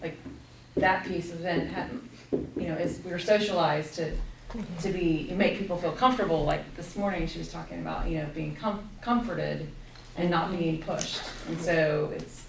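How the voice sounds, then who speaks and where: A woman's voice: on the low side, fairly even intonation, moderate pace, creaky, slight background noise. A woman hesitantly sharing her thoughts in a workshop group discussion, with many fillers and restarts. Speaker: workshop participant. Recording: distant, echoey room mic.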